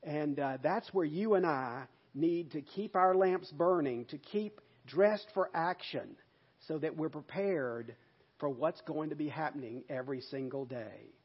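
A male pastor preaching a sermon in an emphatic way, with loud bursts for stress. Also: a little high, unhurried, breathy edge, lo-fi sound.

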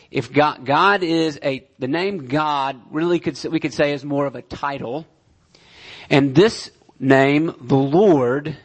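Man preaching a measured sermon. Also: mid-range voice. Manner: measured, repeats key phrases for emphasis, frequent "uh" fillers. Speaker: pastor.

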